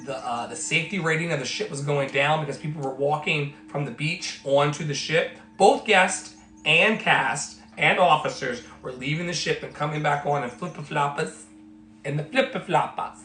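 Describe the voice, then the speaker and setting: A man's voice: a little high, normal speed, pushed and bright. A man giving an emphatic motivational talk as a life coach, repeating his phrases like a preacher. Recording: echoey room with faint music.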